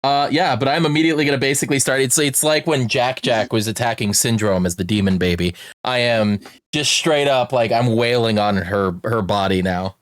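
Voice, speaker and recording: A man's voice: mid-range voice, brisk, no room sound, studio quality. A man playing a tabletop game over voice chat, rambling with many fillers and restarts. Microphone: own computer mic.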